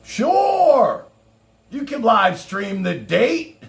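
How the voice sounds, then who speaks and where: An eager, agreeable woman on the phone, as a man puts her on, answering in quick, short replies. The voice stays gravelly and swings widely in pitch. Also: big pitch swings, roomy sound, heavily acted.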